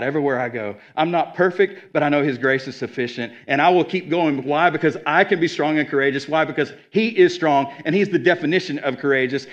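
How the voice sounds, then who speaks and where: A man preaching a sermon as a guest speaker, with energetic, conversational delivery and quick asides. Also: a little high, muffled recording. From Arkansas. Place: church sanctuary.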